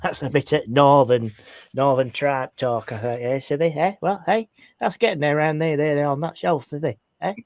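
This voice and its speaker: A man putting on a gruff northern English local with thick, clipped dialect and tag questions, spoken in a dry, close sound. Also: on the high side, moderate pace, dry recording, close to an everyday voice. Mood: teasing. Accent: broad northern English.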